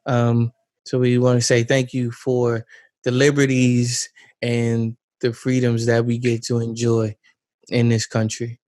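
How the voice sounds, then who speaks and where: A man co-hosting a podcast, telling stories in quick bursts and laughing between them. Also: mid-range voice, completely flat delivery, a little mellow, no echo. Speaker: podcast co-host. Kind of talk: casual chat.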